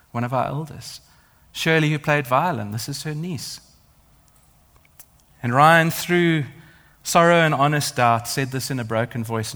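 Speaking with a medium pitch and a fairly bright tone, a male pastor preaches in church. His delivery builds emphatically, returning to repeated phrases, and the sound carries a long hall reverb.

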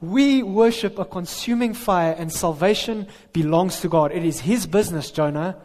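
Man, preacher, emphatic sermon, rhetorical questions, high voice, echoing church hall. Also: moderate pace, a little mellow. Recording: reverberant hall.

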